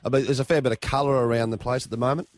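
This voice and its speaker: A laid-back man co-hosting a rugby podcast. His voice sits at a middle pitch, and the recording is dry and close. He throws in jokes as he goes. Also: steady tone, very fast, no room sound. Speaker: podcast co-host. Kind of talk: casual podcast banter.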